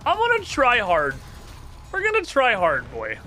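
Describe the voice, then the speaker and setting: A man streaming a game, chatting casually and excitably, swearing now and then. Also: very high voice, unhurried, faint music behind. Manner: excitable, swears casually, baby-talks to a puppy.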